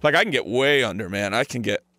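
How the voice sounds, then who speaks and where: A man of middle pitch co-hosts a podcast, chatting casually in a rambling, playful way. He fills his talk with likes and uhs. His voice is close and dry, with no room around it. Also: expressive, fast talker, sharp tone, dry recording. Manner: rambling, playful, many fillers. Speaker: podcast co-host. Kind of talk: casual chat.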